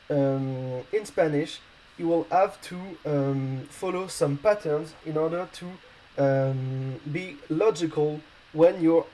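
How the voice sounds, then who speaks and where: Halting, mellow-voiced male tutor. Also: a little high, low-quality recording. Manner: hesitant, many fillers and restarts; explains patiently step by step. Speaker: language teacher. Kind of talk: casual spoken lesson.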